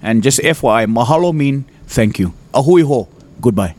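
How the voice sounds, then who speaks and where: A man from Hawaii telling a lively personal testimony, shouting out parts of the story. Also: medium pitch, normal speed. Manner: animated storyteller, shouts when reenacting. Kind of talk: casual testimony.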